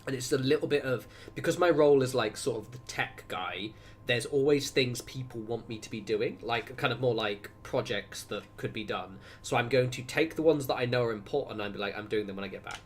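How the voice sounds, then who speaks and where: A man's voice: mid-range voice, a little fast, a little hiss or hum. Rambling man chatting on stream. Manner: rambling, self-interrupting, chatty asides to viewers. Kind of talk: casual gaming livestream chat.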